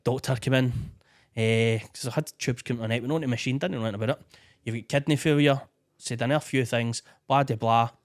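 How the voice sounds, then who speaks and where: A man's voice: medium pitch, fairly even intonation, fast. A Scottish man on a podcast, recalling his own hospital stay bluntly, with swearing and emotion. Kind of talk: casual podcast conversation.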